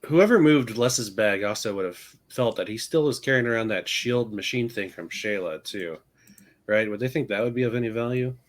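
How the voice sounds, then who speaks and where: A man's voice: medium pitch, normal speed. A man playing a tabletop game, speaking in an offhand, joking way. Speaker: player. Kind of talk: casual tabletop play.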